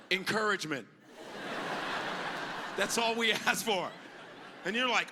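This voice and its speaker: A man performing a stand-up comedy set on a club stage, acting out characters with sudden shouted outbursts. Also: sits high, measured pace, long pauses. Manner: animated, acts out characters with big shouted outbursts. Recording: live club recording with audience noise.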